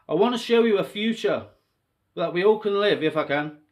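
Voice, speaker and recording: A man talking straight to camera in a rambling, emotional monologue, swearing freely and swinging between quiet musing and impassioned appeals. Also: sits high, expressive, a little fast. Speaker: self-styled candidate vlogger.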